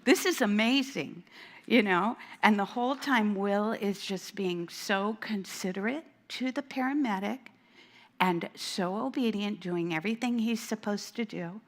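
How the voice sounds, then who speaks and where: Woman, storytelling, school administrator, mid-pitched voice, animated anecdote with acted-out voices. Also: measured pace. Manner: lively anecdote, acts out a small child's voice. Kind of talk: storytelling talk at a women's event. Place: church hall.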